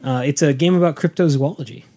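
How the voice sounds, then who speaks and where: A man's voice: a little high, quick pace, warm tone. A man co-hosting a podcast, reading board game news in a playful way and joking around. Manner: playful, quotes movie lines and jokes around. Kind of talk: casual chat about board game news.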